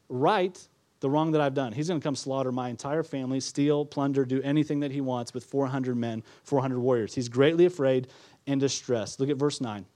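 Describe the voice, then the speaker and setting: A man's voice: mid-range voice, a little mellow. A male pastor preaching a sermon to his congregation in an earnest manner, repeating key phrases and putting questions to the listeners. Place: church before a congregation.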